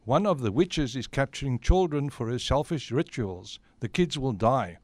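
A man's voice: mid-range voice, expressive, normal speed, a little mellow, dry recording, lightly acted. A man voicing a good female witch in a storybook tale who scolds and urges. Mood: urgent. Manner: urgent, scolding. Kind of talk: storybook voice acting.

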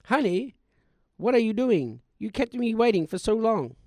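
A man's voice: high-pitched, sing-song, normal speed, a little mellow, no room sound, voice pushed up. A man voicing an impatient young wife who nags reproachfully, in a comic stage play. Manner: nagging, reproachful.

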